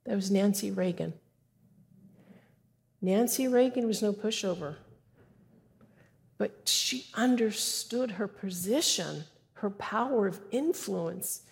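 A woman's voice: mid-range voice, takes it slowly, gravelly, pauses often. A middle-aged woman giving an earnest, exhorting sermon to women, often repeating phrases for emphasis. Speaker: women's speaker. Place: church sanctuary. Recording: long hall reverb.

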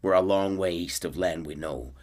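A man's voice: low-pitched, moderate pace, darkish tone, voice pushed down, lightly acted. A man reading as a weary outlaw keeping a diary.

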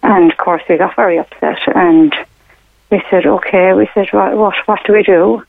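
A middle-aged woman calls in over a tinny, narrow phone line. She tells her story haltingly, leaning on fillers and retold quotes, and the line sounds dry and close. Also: mid-range voice, fairly even intonation, creaky, dry recording. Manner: rambling, hesitant, many fillers and retold quotes. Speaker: caller. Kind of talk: telling a personal story on a radio phone-in. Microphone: telephone.

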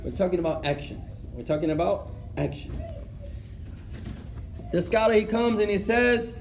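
A man's voice: high voice, expressive, moderate pace, pauses often, a little hiss or hum. A man teaching an Islamic studies class, asking rhetorical questions and mixing Arabic phrases into his English. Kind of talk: classroom lesson. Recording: echoey room, faint ambience.

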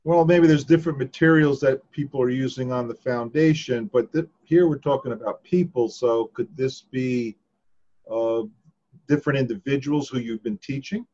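A man's voice: medium pitch, moderate pace, warm tone, muffled recording. A man taking part in a casual Bible study, reading scripture aloud and answering questions.

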